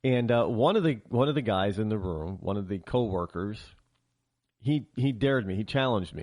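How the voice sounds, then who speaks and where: A man's voice: lowish voice, normal speed, dry recording. Sarcastic male talk show host, dry studio sound. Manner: animated, sarcastic, many restarts. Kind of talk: opinionated monologue.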